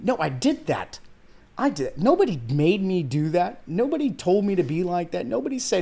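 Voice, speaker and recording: A man's voice: high-pitched, very animated, normal speed, vocal fry, darkish tone. A man in his thirties from Iran, a weight loss coach and podcast guest, telling his life story in an earnest, heartfelt, casual way, calling the host "man" and "dude" and at times close to tears. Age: 30s. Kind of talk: casual interview conversation.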